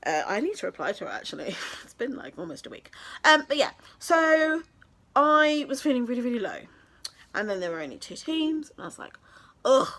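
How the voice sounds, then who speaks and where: A woman's voice: fairly high pitch, sing-song, a little fast, fairly bright tone. A young woman from England, telling a story in a casual vlog, chatty and gushing with many fillers. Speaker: vlogger.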